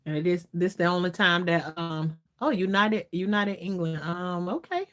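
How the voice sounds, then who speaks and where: A woman's voice: on the low side, moderate pace, fairly bright tone. A woman from Florida with a Southern US accent, hosting a casual livestream, chatting loosely and laughing often. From Florida, USA. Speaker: livestream host. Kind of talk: casual livestream chat, reading viewer comments.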